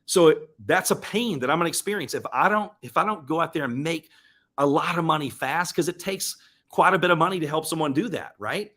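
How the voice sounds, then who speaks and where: A man's voice: fairly high pitch, brisk, a bit bright. Earnest man giving a motivational live talk. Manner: emotional, preacher-like, earnest. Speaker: live stream host. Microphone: webcam or desk mic on live stream.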